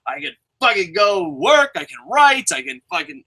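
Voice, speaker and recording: Male host, bright and forceful voice a bit high, profane and sarcastic, excitable casual delivery. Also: moderate pace, gravelly, husky, low-quality recording. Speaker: show host reviewing.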